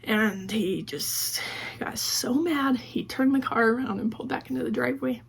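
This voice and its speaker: A woman vlogger tells a personal story casually, slipping into the voices of the people in it. Her voice sits a little high but sounds husky, with a gravelly fry running through it. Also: moderate pace. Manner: conversational, acts out quoted dialogue with many "like"s.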